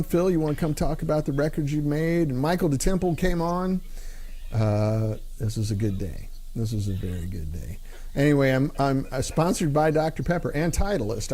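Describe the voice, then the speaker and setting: A man's voice: on the high side, expressive, normal speed, warm tone. Chatty rambling male stream host. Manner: rambling, joking, frequent fillers. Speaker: livestream host. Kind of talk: casual chat.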